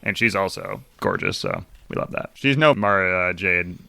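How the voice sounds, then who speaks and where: A man with a low but very bright, tense voice, recorded dry and close with no room sound. He co-hosts a casual podcast chat, animated and quick to laugh. His pitch jumps up whenever he gets emphatic. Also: gravelly, no room sound. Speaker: podcast co-host.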